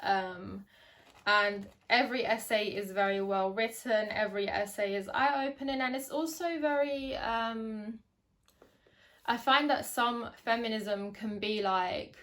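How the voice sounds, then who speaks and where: A woman's voice: medium pitch, a little slow, a bit bright. A young woman giving a casual book review, chatty and hesitant, with many ums and restarts. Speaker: book vlogger.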